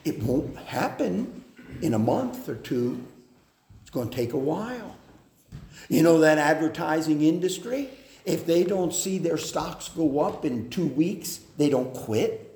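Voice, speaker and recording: A man preaching a sermon on family life, slow and deliberate, with hesitant fillers. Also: on the high side, animated, darkish tone. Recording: echoey hall with faint noise.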